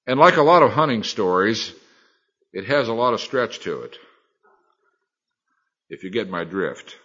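A man's voice: lowish voice, very animated, unhurried, sharp tone, dull audio. A middle-aged man, a Bible teacher, preaching a sermon in a folksy, colloquial storytelling manner.

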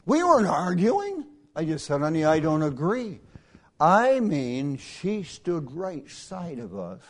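A middle-aged male preacher delivering a sermon through folksy personal stories, swinging from hushed asides to loud, emphatic lines. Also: on the high side, very animated, takes it slowly.

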